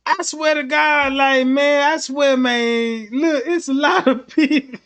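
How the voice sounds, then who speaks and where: A man's voice: very high voice, fairly even intonation, slow pace, a bit bright. Rambling, profane man telling stories. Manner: profane, rambling, laughing, slangy. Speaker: livestream host. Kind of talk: comedic storytelling rant.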